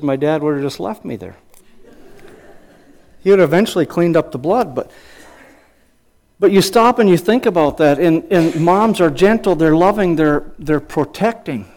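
Older man preaching, folksy and conversational. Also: a little high. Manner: storytelling, animated when acting out his father's yelling; folksy, conversational, repeats words. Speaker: pastor. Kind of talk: sermon.

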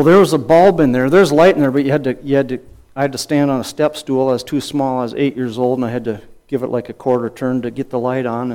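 An older male pastor with a fairly high voice delivers a sermon like a friendly chat. He moves from reading scripture to homespun stories, repeating words and restarting sentences as he goes. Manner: storytelling, animated when acting out his father's yelling; folksy, conversational, repeats words.

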